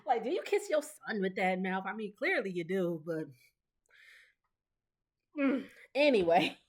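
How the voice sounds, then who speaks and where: A woman's voice: medium pitch, sing-song, unhurried. A woman in her thirties chatting casually as she recaps a reality show, gossiping, laughing often and mimicking the people she talks about. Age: 30s. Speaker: recap vlogger.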